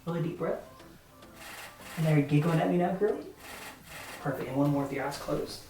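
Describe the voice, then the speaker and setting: A woman's voice: low-pitched, normal speed, mellow. A woman with a Southern American accent directing a boudoir photo shoot, coaching poses in an upbeat, chatty way with lots of fillers. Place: indoor photo studio, roomy. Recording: echoey room, mic far off, faint music.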